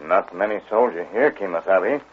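An actor playing a loyal, steady male sidekick who speaks slowly in clipped, broken English in a vintage radio drama. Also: low-pitched, breathy edge, narrow, tinny audio. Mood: terse. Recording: scratchy, noisy old radio broadcast.

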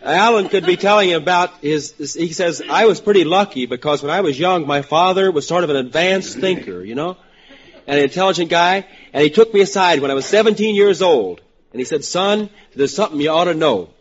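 A man with a West Virginia accent, pitching jokes on a radio panel in a drawling, up-and-down lilt. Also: expressive, fairly quick. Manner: drawling, with a rising and falling sing-song lilt. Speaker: comedy writer panelist. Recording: muffled old radio broadcast, studio noise.

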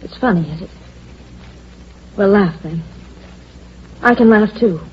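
A bitter, sharp-tongued secretary. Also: female voice, mid-range voice, slow pace, slightly rough. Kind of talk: 1940s radio acting. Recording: dull lo-fi old radio recording with music.

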